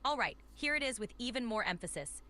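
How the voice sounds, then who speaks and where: Bright, lively synthetic woman assistant voice. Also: a little high, fast talker. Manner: polite, upbeat and accommodating, stretched vowel shouts. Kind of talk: cheerful assistant replies.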